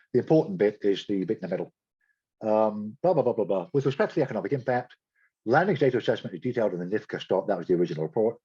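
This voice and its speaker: A man's voice: lowish voice, warm tone, husky, highs cut off. A man giving a public science talk as a guest speaker, blunt with sardonic asides.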